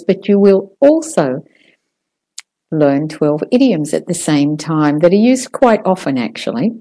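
Lady teacher doing a pronunciation lesson, warm lowish voice, says each sentence super clearly so you can copy. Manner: slow, clearly articulated model sentences for learners to mimic.

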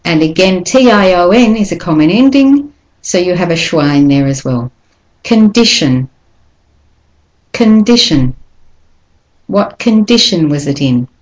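A woman teaching English pronunciation, speaking carefully and deliberately and repeating each word slowly for the learner. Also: lowish voice, lively intonation, a little mellow, poor audio. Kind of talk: slow, clear pronunciation lesson.

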